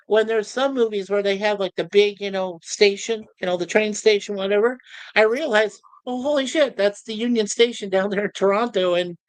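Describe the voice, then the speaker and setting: A man's voice: high-pitched, fairly even intonation, moderate pace, smooth, no room sound. A man co-hosting a casual chat, rambling with lots of fillers. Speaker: podcast co-host.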